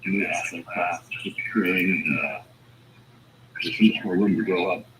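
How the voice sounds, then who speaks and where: A man's voice: sits low, steady tone, very noisy. A man in casual chat outdoors near a street, hesitant and full of fillers. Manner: hesitant, many fillers, unhurried.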